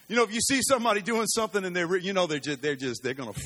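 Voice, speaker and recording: A man preaching a sermon in an animated, folksy storytelling way, swinging from loud bursts to hushed lines. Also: high voice.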